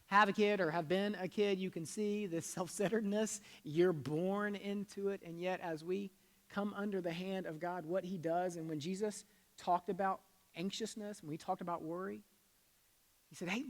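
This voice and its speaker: Man giving a sermon, kinda high voice, big echoey church sound, goes loud then soft, gets the crowd to repeat after him. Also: steady tone, moderate pace. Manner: conversational preaching, swings between loud emphasis and soft asides; leads the congregation in call-and-response. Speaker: pastor. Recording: long hall reverb.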